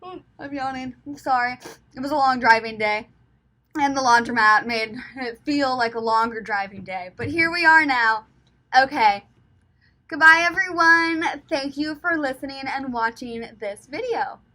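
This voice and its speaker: A young woman chats on in a casual travel vlog, thinking aloud as she goes, with a light Southern US accent slipping into her words. Her voice sits a little high and sounds bright and forceful. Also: normal speed. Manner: chatty and rambling, thinking aloud. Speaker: travel vlogger.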